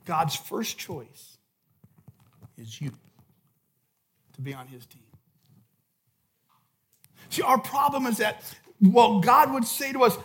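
High-pitched, impassioned male pastor. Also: expressive, slow, pauses often. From California. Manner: impassioned preaching, swinging from loud shouts to hushed intensity. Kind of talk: sermon.

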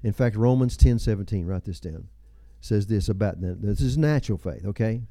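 An older man in his seventies delivers a sermon in a mellow, warm voice. He tells stories in a folksy way, chuckling and dropping personal asides, and the sound is dry and close. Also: lowish voice, normal speed, hardly any pauses, dry recording. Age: 70s. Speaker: pastor.

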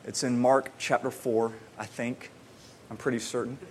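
A man preaching a conversational sermon, repeating words as he starts sentences and moving between excited emphasis and quiet, slow reflection. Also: medium pitch, a little hiss or hum. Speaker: pastor.

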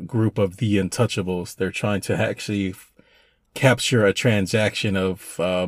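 Male podcast co-host, low voice, rambling film chatter with quick impressions, dry close sound. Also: a little mellow, dry recording. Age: young adult to middle-aged, a parent. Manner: rambling, acts out movie lines in quick put-on voices. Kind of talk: casual film review chat.

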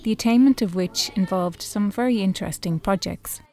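Woman reporter, clear friendly delivery, soft music underneath. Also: mid-range voice, brisk. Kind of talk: broadcast feature narration and interviewing.

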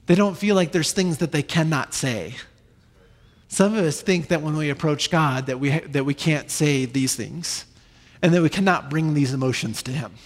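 Animated pastor preaching in a big hall. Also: male voice, normal speed. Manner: animated, acts out children's voices with sudden high bursts. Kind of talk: sermon. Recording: long reverb in a large hall.

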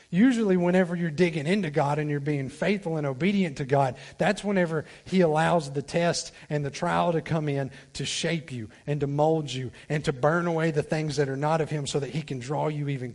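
A man preaching a sermon as a guest preacher. He talks straight to the congregation, swinging from loud pleading down to quiet, low asides. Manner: talks directly to the congregation, asks for responses. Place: church sanctuary.

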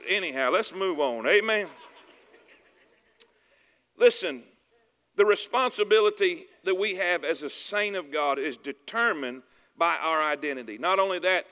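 A man with a Southern US accent preaches a sermon, his voice high and bright, cutting through the room. He keeps asking the congregation for an amen and hammers his points home by repeating them. A long reverb from the hall trails behind every line. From Southern United States. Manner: calls for "amen" and "y'all with me", repeats phrases for emphasis. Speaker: pastor.

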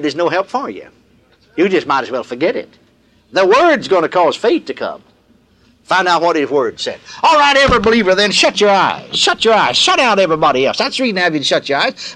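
An older man preaches in a folksy, emphatic way. His voice sits high and bright, with a lively rise and fall. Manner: folksy, emphatic, plain-spoken. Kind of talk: sermon leading a call-and-response. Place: large gathering, live recording.

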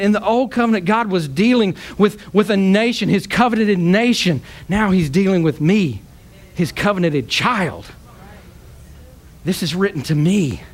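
High-voiced impassioned male preacher. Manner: impassioned, rising to shouts then dropping soft. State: tearful at times. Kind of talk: sermon.

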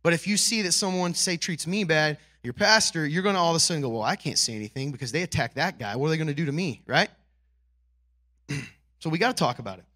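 Male pastor, sermon, high voice, bright tone, conversational, emphatic peaks. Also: animated, fast talker. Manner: conversational, checks in with "right?" and "okay?"; builds to emphatic, louder peaks.

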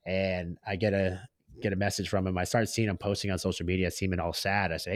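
A man with a very low voice tells his stories as a podcast guest. His talk is slangy and candid, and he acts out the people he quotes. The recording is dry, close and clean, with no room sound. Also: flat delivery, fast talker, no room sound. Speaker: podcast guest, business owner. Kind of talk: casual storytelling in conversation.

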